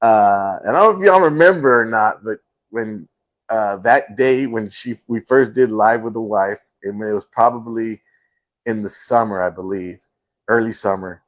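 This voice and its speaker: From home, a man hosts a casual livestream, telling rambling stories packed with fillers. His voice is on the low side and he speaks at a normal speed.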